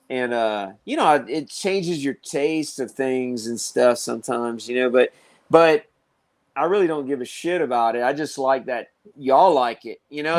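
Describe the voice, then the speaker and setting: A man being interviewed as a guest on a casual podcast, rambling through stories with many restarts and fillers and acting out other people's lines as he goes. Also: mid-range voice. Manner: rambling, full of "you know" and restarts. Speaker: pepper breeder, guest.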